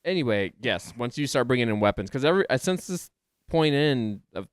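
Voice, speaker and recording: A man co-hosting a podcast, chatting casually and getting excited in high bursts. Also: brisk, clean tone, no room sound, clean studio sound. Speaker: podcast co-host. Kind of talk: casual chat about anime and manga.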